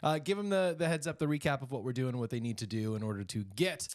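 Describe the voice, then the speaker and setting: A man's voice: medium pitch, fast, no echo. Man, thirties, podcast co-host, jokey, playful, dry close sound. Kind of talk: casual chat.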